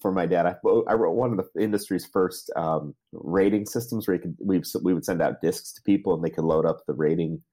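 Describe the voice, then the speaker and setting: Deep husky man telling stories. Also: fairly quick, few pauses, warm tone. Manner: rambling, self-deprecating, laughs often. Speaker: interview guest, entrepreneur. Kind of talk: casual storytelling interview.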